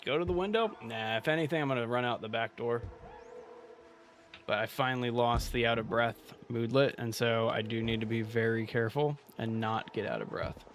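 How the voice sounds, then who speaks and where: A man's voice: medium pitch, moderate pace, a little hiss or hum. A man streaming a game live, chatting casually with viewers as he plays. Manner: chatty, talks to chat while playing. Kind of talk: casual live gameplay commentary.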